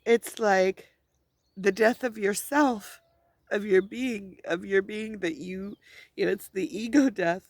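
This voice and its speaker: A woman's voice: medium pitch, slow pace, dry recording. Teary woman vlogging, kind of rambly, keeps restarting, dry close sound. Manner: rambling, repeats and restarts words. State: tearful. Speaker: spiritual vlogger. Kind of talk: emotional personal monologue. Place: outdoors at a scenic spot.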